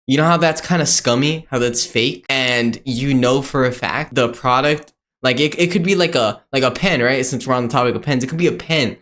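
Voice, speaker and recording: A man's voice: mid-range voice, moderate pace, fairly bright tone. A young man hosting a casual reaction video, laid-back and joking, with lots of fillers. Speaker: host.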